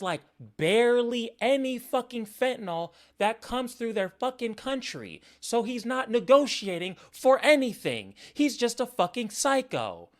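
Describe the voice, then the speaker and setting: A man rants through a reaction stream, profane and mocking. His pitch swings widely as he talks. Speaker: streamer reacting to podcast clips. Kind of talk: angry reaction commentary.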